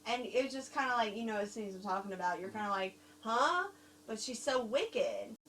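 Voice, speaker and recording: A woman with a light American Southern accent, co-hosting a casual film review chat, rambling and animated, laughing often. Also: medium pitch, quick pace. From grew up overseas, Germany and Korea. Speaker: co-host reviewing films. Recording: distant mic with faint hum.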